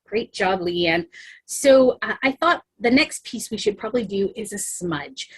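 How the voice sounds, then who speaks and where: A woman leading a children's circle time on a video call, talking gently and reassuringly with many ums. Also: medium pitch, expressive, breathy edge. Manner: slow, soft-spoken and reassuring, with many ums. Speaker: early-years facilitator leading circle time. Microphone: laptop webcam on a video call.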